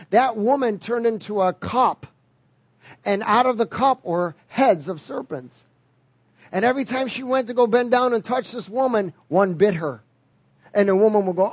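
A man preaching a sermon in a high-pitched voice, emphatic and repetitive, calling out questions for the congregation to answer. The sound is dry and close, with little room around it. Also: slightly rough, no room sound. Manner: emphatic, repeats key phrases, leads the congregation in call-and-response.

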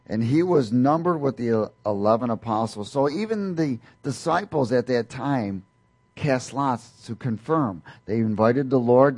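A man preaching a sermon, reading scripture aloud and explaining it, often lifting his voice for the quoted lines. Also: darkish tone. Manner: reads scripture aloud, rising in pitch for quoted speakers, with light laughs.

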